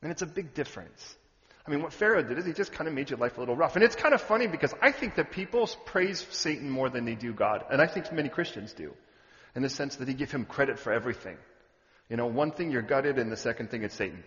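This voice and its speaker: A male pastor preaching a sermon in a church hall, conversational and humorous, with loud animated bursts. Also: mid-range voice, quick pace. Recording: echoey hall, dull lo-fi sound.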